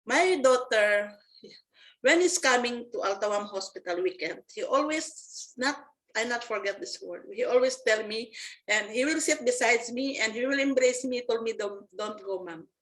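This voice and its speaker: Earnest, halting woman. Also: fairly high pitch, expressive, a bit bright, poor audio. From Philippines. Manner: earnest, halting, with frequent restarts. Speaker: network marketing presenter. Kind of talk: personal testimony in online presentation.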